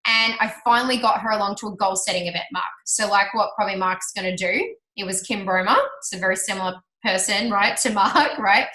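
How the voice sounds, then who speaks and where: A woman telling a personal story to an audience, chatty and animated, laughing often and acting out what people said. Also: mid-range voice, fairly quick. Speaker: speaker sharing her business success story. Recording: roomy hall reverb.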